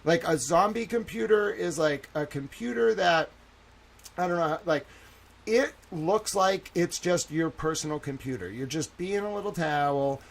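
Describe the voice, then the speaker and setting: A young man hosting a livestream, talking casually and at length, filling his talk with "like" and swinging between loud indignation and quiet asides. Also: a little high, unhurried, creaky, rough recording. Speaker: livestream host.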